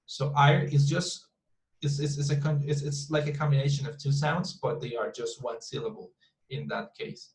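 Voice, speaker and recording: A man's voice: on the high side, steady tone, moderate pace, reverberant, slight background noise, poor audio. A male teacher, explaining syllables in an online class, often repeating words and restarting his sentences. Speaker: English teacher.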